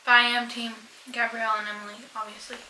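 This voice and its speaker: A woman's voice: on the high side, little pitch movement, fast, reverberant, poor audio. A young woman book vlogger in casual chat, making blunt, joking asides.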